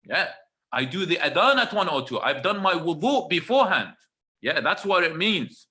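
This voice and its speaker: In a fairly high, sing-song voice with a sharp tone, a webinar speaker gives a religious talk over a video call at a moderate pace. He is emphatic, repeats phrases and checks in by asking "right?"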